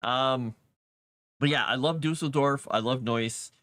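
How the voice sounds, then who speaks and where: A man's voice: mid-range voice, unhurried, a bit bright, no echo. A man casually chatting on a live stream, talking about his world-building and reading messages from viewers. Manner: chatty, talks to his cat and reads chat.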